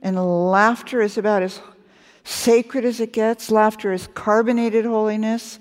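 A woman in her sixties speaking as a guest author in a live onstage conversation, candid and wry, slowing down for emphasis. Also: fairly high pitch, flat delivery, long reverb tail. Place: onstage at a festival.

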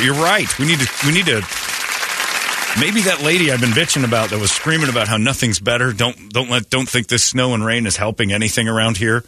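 A man's voice: mid-range voice, expressive, fast talker, a crowd in the background, background noise. A man hosting a morning radio show in loose, joking, rambling banter.

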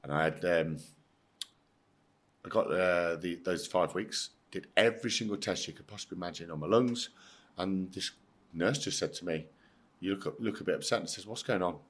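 Blunt, deep-voiced English man telling his story. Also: moderate pace, husky. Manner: blunt, emphatic, swears, acts out quoted dialogue. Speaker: podcast guest, former footballer. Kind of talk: casual storytelling interview.

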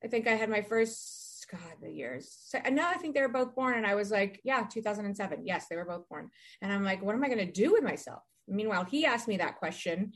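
A woman's voice: mid-range voice, expressive, brisk, hardly any pauses. Rambling middle-aged woman guest. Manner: rambling, acts out quoted dialogue. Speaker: guest, Pilates studio founder. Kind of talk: casual conversation.

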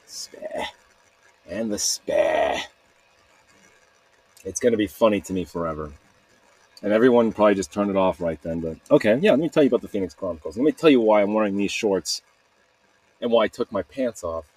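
A man's voice: on the low side, lively intonation, fast talker, darkish tone, breathy edge, dry recording. A man talking to camera in a rambling, candid way, often laughing at himself. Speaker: video blogger. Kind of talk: casual confessional monologue.

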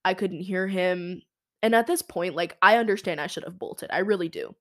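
Young woman podcaster rambling thru a story, lots of "like", kinda low voice. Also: normal speed, fairly bright tone. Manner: chatty, fillers of "like", quoting herself and others. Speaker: podcast host. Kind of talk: casual storytelling monologue.

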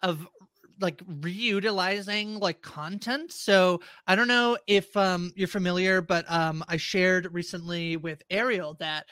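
A woman's voice: fairly low pitch, unhurried, fairly bright tone, dry recording, studio quality. A woman with an Australian accent co-hosting a podcast, chatting casually and rambling with lots of fillers. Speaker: podcast co-host. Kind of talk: casual chat.

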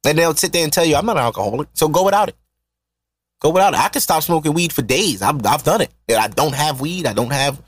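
A man's voice: fairly high pitch, no echo. Male podcast host, raised voice, profane mocking rant, dry close sound. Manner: animated, profane, mocking ranting.

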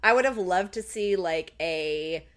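A woman co-hosting a podcast, recapping an episode in casual chat full of "like" and quick acted-out lines. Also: lowish voice, fairly bright tone, smooth. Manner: chatty, recounts scenes with lots of "like". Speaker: podcast co-host.

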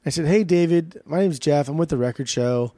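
A man co-hosting a podcast, telling a swearing, animated story in casual chat. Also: a little high, a little fast, dry recording. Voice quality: profane, animated storytelling with quoted dialogue. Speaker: podcast co-host and record show organizer.

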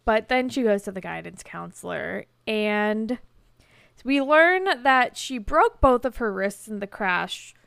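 A young woman talks through a TV episode in relaxed podcast chat, her voice a little high and gravelly. She fills her sentences with "like" and laughs as she mimics the characters. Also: slow pace, no room sound, studio quality. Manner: chatty, lots of "like", acts out quotes with laughs. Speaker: podcast co-host. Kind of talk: casual chat recapping a TV episode.

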